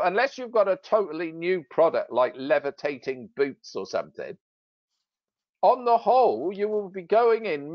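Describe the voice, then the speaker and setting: A British man tells a story with jokey, self-mocking humor in casual podcast talk, his pitch rising and falling freely. His voice sits a bit high for a man. The recording is dry and somewhat dull, like lo-fi audio. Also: no room sound. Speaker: sales expert and author.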